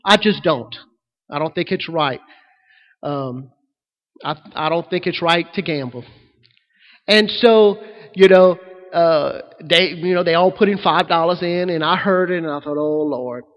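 Male pastor, high voice, preaching in a sanctuary with long hall reverb; emphatic swells, quiet asides. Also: measured pace, pauses often, dull audio. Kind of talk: sermon.

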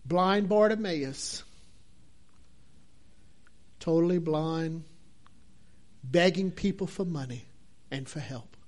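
A man's voice: a little high, takes it slowly, long pauses, darkish tone. A man preaching a sermon, fervent and drawn out, repeating his phrases for emphasis.

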